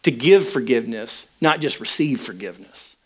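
A pastor preaching a sermon, telling a personal story in a candid, conversational way. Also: male voice, medium pitch, animated, moderate pace.

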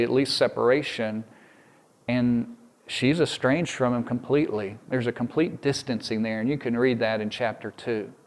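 A man preaching a sermon as a pastor, earnest and direct, often repeating a word as he restarts a phrase. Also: medium pitch.

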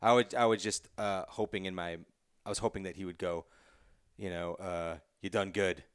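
A man's voice: low voice, fairly even intonation, moderate pace, clean tone, dry recording, studio quality. A man, a TV writer, talking casually in an interview, rambling and interrupting himself, laughing easily. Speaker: TV writer, podcast guest.

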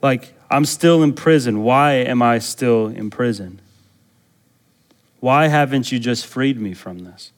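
A preacher voicing a doubting jailed prophet. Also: male voice, medium pitch, slow, close to an everyday voice. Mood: coaxing. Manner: casual, pleading, questioning. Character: doubting imprisoned prophet, adult man, pleading.

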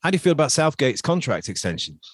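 A man's voice: fairly high pitch, very animated, fast talker, husky, no echo, clean studio sound. A man hosting a casual podcast, chatting in a jokey, self-mocking way as he introduces his guests. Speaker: podcast host.

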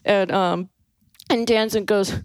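A woman's voice: mid-range voice, steady tone, takes it slowly, clear, resonant tone, dry recording. A young woman telling a story in a casual, amused way, full of fillers and little laughs, on a close mic. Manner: laid-back and amused, with lots of fillers and laughs. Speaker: podcast guest telling a story.

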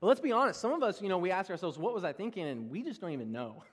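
Animated young pastor in a reverberant church. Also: male voice, sits high, racing, slightly rough. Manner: animated, self-deprecating storytelling with laughs. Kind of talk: sermon with personal stories. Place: large church hall. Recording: long reverb of a church hall.

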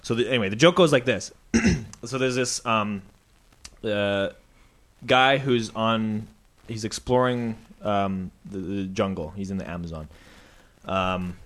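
A young man in casual chat, telling a joke in a halting way with many ums and restarts. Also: fairly low pitch, a bit bright.

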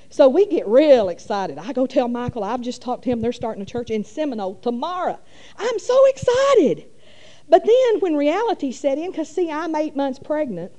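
Middle-aged woman, warm mellow tone, folksy rambling church testimony. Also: fairly high pitch, dull audio. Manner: folksy rambling with many fillers. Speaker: church speaker. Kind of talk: testimony storytelling.

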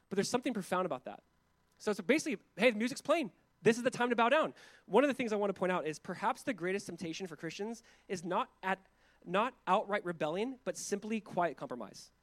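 A man's voice: high-pitched, dry recording. A male pastor preaching a sermon in a conversational, emphatic way, with asides and chuckles.

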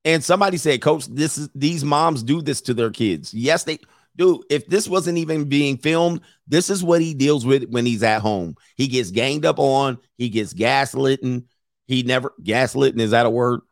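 Speaking straight to his male viewers as "gentlemen," a man gives blunt, profane reaction commentary on a video clip, swearing freely in a casual way. His medium-pitched voice moves at a moderate pace, with clean studio sound and no room sound.

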